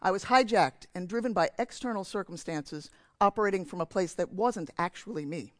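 High-voiced man preaching a sermon. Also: fairly quick, a bit bright, no echo. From New Jersey. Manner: candid, self-mocking storytelling. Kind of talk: sermon with personal story. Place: church.

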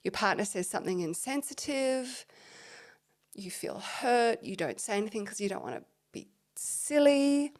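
A woman who leads intimacy workshops, talking expressively in a podcast conversation and often dropping to soft, breathy tones. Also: fairly high pitch, big pitch swings, moderate pace.

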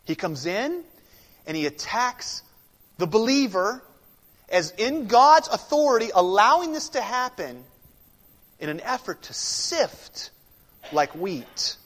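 Brief: male pastor, high and expressive voice, slow deliberate sermon delivery, alternating bold and hushed, long church reverb. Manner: emphatic, swings from loud declarations to hushed intensity. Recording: long reverb of a large sanctuary.

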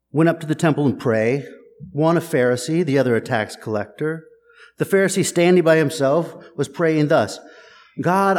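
Male pastor, wry teasing sermon, lively swooping voice, long echo of a church hall. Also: a little high. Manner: conversational, wry and teasing with the congregation.

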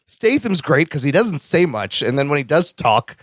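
A man co-hosting a podcast, chatting casually about a movie he just saw, animated and quick to mimic lines in a low voice. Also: dry recording. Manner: animated, drops low when quoting lines. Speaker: podcast co-host. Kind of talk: casual movie review chat.

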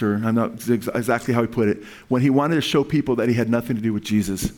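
A middle-aged man preaching a sermon, talking to listeners in an earnest, conversational way and rising in pitch when he quotes scripture. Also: steady tone, fast talker, darkish tone.

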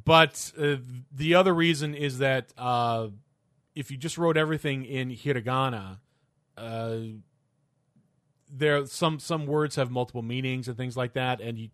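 A man's voice: mid-range voice, measured pace, fairly bright tone, no echo, studio quality. A man co-hosting a casual podcast chat, explaining at length with frequent restarts and hesitations.

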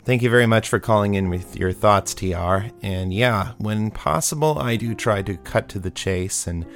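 A man hosting a podcast, chatting casually and playfully about listener feedback. His voice sits on the low side, and he sounds eager and upbeat throughout. Faint guitar music plays underneath. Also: normal speed. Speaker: podcast host.

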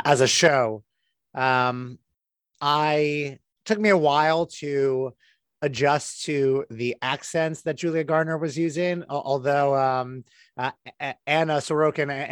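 A man's voice: medium pitch, clean tone, no echo, studio quality. A man co-hosting a casual review chat, giving his opinions in long, flowing runs. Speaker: podcast co-host.

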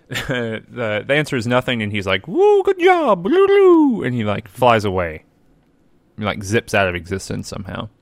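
A man co-hosting a casual podcast chat, telling a story in an animated way with joking asides. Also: lowish voice, normal speed, vocal fry, no echo. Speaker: podcast co-host.

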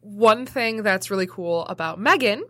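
A woman hosting a casual podcast reads an ad in a chatty, giggly, ad-libbed way. Her mid-range voice is animated, bright, and forceful, at normal speed with no echo.

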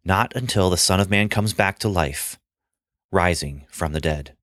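A man voicing a calm, gentle adult male teacher in a storybook reading, speaking in a soft, measured and kind way. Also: low-pitched, dry recording, studio quality. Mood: solemn.

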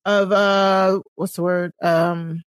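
A woman co-hosting a podcast, retelling scenes with amused, animated energy and frequent laughter. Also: fairly low pitch, takes it slowly, no room sound. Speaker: podcast co-host. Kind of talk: casual podcast discussion.

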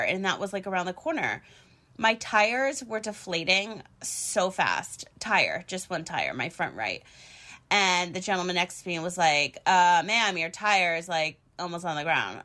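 A woman's voice: medium pitch, bright, forceful tone. A woman in her thirties telling a personal story in a casual, chatty way, full of "like" fillers and freely dropped swear words.

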